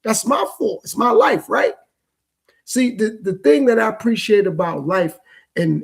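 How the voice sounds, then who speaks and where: A man holds forth on his own podcast in a loose, circling, reflective monologue. His voice sits high for a man, with a gravelly, fried edge and a husky, breathy texture. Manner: loose, repetitive, reflective street-talk delivery. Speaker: podcast host. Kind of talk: casual solo podcast monologue.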